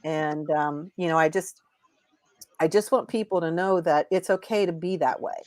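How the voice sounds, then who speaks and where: A woman's low voice, recorded dry and close. She rambles through a casual live chat, breaking off and restarting her sentences. She is a guest and an intuitive reader. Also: normal speed, darkish tone, dry recording.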